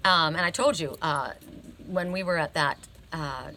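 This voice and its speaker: A woman's voice: sits low, a little slow, pushed and bright, a little hiss or hum. A woman reading oracle cards, telling a personal story in a chatty, emphatic way and often checking in with "right?". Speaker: oracle card reader.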